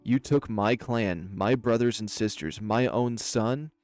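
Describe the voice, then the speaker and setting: A man voicing a towering, furious female lioness clan leader, speaking slowly and seething. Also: fairly low pitch, darkish tone, faint music behind, close to an everyday voice. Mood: enraged. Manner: slow, seething delivery.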